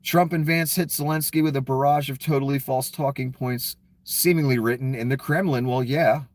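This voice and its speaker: A man's voice: medium pitch, steady tone, moderate pace, no room sound. A man delivering an angry, profane political rant. He is scornful and sarcastic, and he stops to read headlines aloud. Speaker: political commentator.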